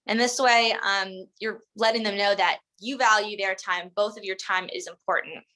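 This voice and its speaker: On a rough recording, a woman with a medium-pitched, bright, pushed voice speaks at normal speed in a steady tone. She's a sales trainer casually coaching her team, scattering "like" and "um" throughout and demonstrating the exact lines to say.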